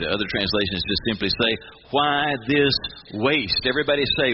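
Male pastor, casual and emphatic, mid pitch; dull, hissy recording. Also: brisk. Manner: conversational, emphatic, folksy. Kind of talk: sermon. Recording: muffled with steady hiss.

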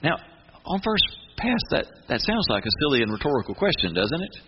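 Passionate preacher, animated and lively. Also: male voice, on the high side, fairly quick, muffled recording, a little hiss or hum. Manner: builds to near-shouting fervor, acts out voices of angels and Mary. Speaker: pastor. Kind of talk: sermon.

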